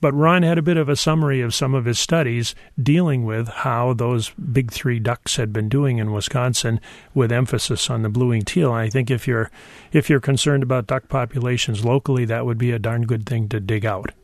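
A man explains wildlife matters to radio callers in a thoughtful, halting way. His voice has a gravelly, rough edge, and the sound is dry and close. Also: mid-range voice, fairly even intonation, no echo. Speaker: wildlife expert guest. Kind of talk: radio call-in answers.

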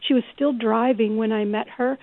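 A woman's voice: fairly high pitch, steady tone, moderate pace, no room sound. A woman author speaking as a guest in a call-in radio interview, telling stories in an earnest, reflective way over the phone. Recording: phone line.

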